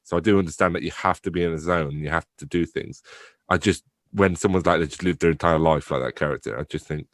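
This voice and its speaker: A man's voice: a bass voice, fast, fairly bright tone, no room sound, studio quality. A young adult man, chatting casually as a podcast guest, rambling, swearing freely and laughing often. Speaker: podcast guest, theatre company director. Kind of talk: casual conversation.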